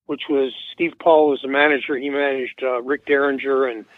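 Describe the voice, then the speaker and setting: A man's voice: medium pitch, steady tone, moderate pace, dry recording. A man, a musician guest, telling a rambling story in an interview and acting out the quoted dialogue. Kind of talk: casual anecdote in an interview. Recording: tinny dry phone line.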